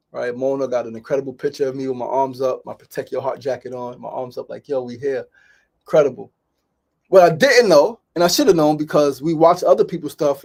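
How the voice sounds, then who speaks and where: A man hosting a show, telling a story in a casual, animated way and acting out other people's voices. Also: mid-range voice. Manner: animated, repeats "right?" and "like", acts out quoted voices. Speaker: podcast host.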